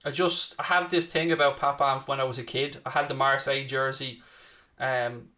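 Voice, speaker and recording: A man's voice: mid-range voice, steady tone, moderate pace, bright, forceful tone. A young man hosting a live football watchalong, chatting casually and answering viewers by name. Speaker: watchalong host. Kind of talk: live stream commentary and chat.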